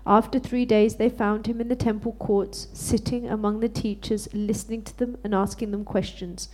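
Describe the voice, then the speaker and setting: A woman's voice: mid-range voice, level tone, normal speed, a little mellow, poor audio. A woman reading a Bible passage aloud during a sermon and answering the preacher with amens. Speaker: congregation member reading scripture.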